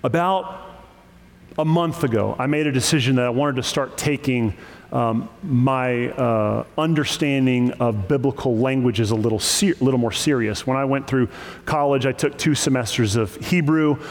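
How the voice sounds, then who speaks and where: A man preaching a sermon, lively and emphatic, with joking asides. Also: mid-range voice, moderate pace, long reverb tail. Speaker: pastor.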